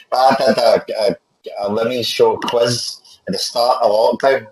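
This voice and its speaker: A man's voice: medium pitch, steady tone, normal speed, rough recording. A man with a Scottish accent, a guest actor telling stories in casual chat, swearing freely and laughing often.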